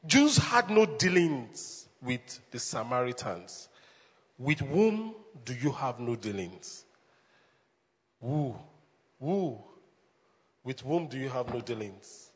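A man preaching as a pastor, animated, laughing often and calling the congregation to answer back. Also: mid-range voice, takes it slowly, pauses often. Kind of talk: sermon. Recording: long hall reverb.

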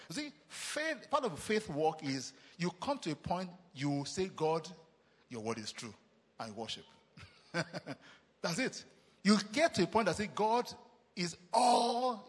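A Nigerian pastor preaches an unhurried sermon with a lively, swinging delivery and a slightly husky, somewhat high voice. Long reverb makes it ring as if in a large church hall. He drives phrases home through repetition and slips in brief chuckles.

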